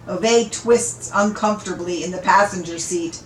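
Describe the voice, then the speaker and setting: A woman reading a novel aloud in an unhurried, amused storytelling manner, in an echoey room. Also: mid-range voice, animated, fairly bright tone, a little hiss or hum. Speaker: audiobook reader. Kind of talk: read-aloud story narration.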